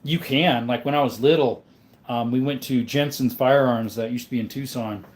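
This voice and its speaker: A man from Arizona talks loosely with his live chat, filling gaps with ums. His throat sounds rough and dry, and he speaks into a phone camera set on a stand. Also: mid-range voice, moderate pace, a little mellow. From Arizona, USA. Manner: rambling, with many ums and laughs. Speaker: livestream host. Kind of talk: casual livestream chat, answering viewer comments.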